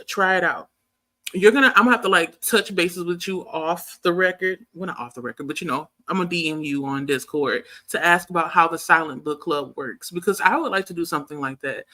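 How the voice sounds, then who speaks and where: Bright-voiced chatty woman livestream host. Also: lowish voice. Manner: chatty, reads chat comments aloud, laughs often. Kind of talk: casual livestream chat.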